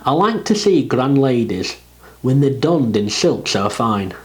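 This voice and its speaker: A man recites a dialect poem slowly and deliberately, letting his pitch swing widely from line to line. His delivery is expressive and animated, with each verse given weight. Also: poor audio. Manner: expressive, rising and falling delivery. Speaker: poetry reader.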